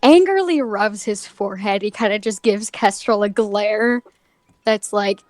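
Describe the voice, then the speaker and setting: A woman's voice: medium pitch, unhurried, a little mellow, no echo. A woman playing a tabletop game, describing her character's actions in a hesitant way with many fillers and giggles. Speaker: player.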